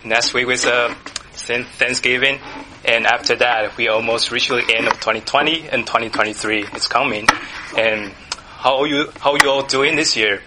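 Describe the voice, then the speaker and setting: A man's voice: mid-range voice, steady tone, moderate pace. A man opening a church talk, conversational and asking the audience questions. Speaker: church speaker. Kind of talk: sermon. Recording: noisy background.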